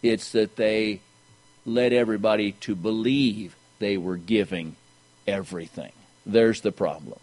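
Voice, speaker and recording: Man, preacher, slow unhurried sermon, reads verses, repeats words, rises in pitch on key points. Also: poor audio. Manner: repeats words and restarts, reads scripture aloud; pitch jumps higher when pressing a point.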